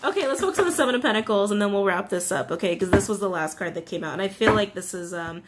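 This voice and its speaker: A woman's voice: mid-range voice, fast talker, very noisy. A woman giving a casual tarot reading to camera, chatty and confiding, full of fillers. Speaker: tarot reader.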